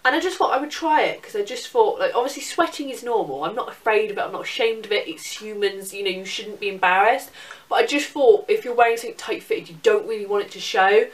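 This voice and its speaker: A woman's voice: medium pitch, fast, recorded from a distance. Chatty teen girl, swears freely. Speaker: beauty vlogger. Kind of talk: casual haul chat.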